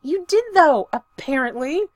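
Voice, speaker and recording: A woman voicing an excitable, flustered young man who talks in fast, shrill, rambling bursts. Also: dry recording.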